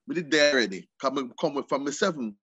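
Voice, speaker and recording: A middle-aged man with a Jamaican accent, born in England, telling stories as a guest in a relaxed interview, laughing often and imitating voices. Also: mid-range voice, fast, breathy edge, no echo, lo-fi sound. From England, raised in Jamaica from age seven. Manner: animated storyteller, laughs often, mimics voices. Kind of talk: casual interview chat in Jamaican Patois.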